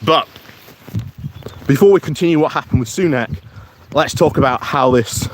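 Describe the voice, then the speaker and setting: A man's voice: mid-range voice, normal speed, background noise. A man giving casual political commentary on a live stream while out on a morning walk. He talks in a chatty way, chuckles often and reads out viewer comments. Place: outdoors in the countryside on a walk.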